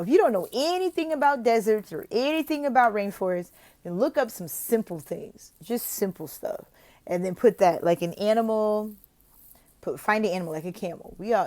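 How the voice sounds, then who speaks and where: A woman from the United States explaining how to teach online English lessons, switching between casual advice and slow, exaggerated teacher talk. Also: medium pitch, darkish tone. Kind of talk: instructional vlog with role-played teaching examples.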